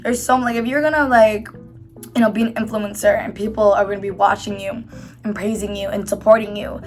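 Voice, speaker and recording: A woman's voice: medium pitch, steady tone, brisk. A young woman vlogging casually to camera, rambling and full of fillers while doing her makeup, faint music behind her. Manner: rambling, filler-heavy, self-reassuring. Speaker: YouTuber. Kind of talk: casual confessional chat to camera.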